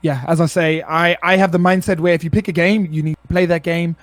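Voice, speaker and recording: A man's voice: fairly high pitch, fairly even intonation, a little fast, dry recording. A young South African man with a South African accent, a streamer chatting casually as a podcast guest, laid-back and slangy, calling people bro.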